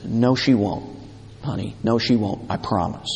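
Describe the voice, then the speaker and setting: A man playing a gentle, soothing comforter. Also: fairly low pitch, unhurried, husky. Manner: soft, soothing, reassuring. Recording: long hall reverb.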